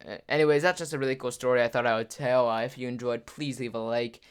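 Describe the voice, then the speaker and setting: A man telling a personal story in a casual vlog, his voice sitting in a middle pitch. He rambles and restarts, sprinkling "like" through every sentence, and slips into other people's voices when he quotes them. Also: steady tone, fast, smooth. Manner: rambling, filler-heavy, says "like" constantly. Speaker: gaming YouTuber.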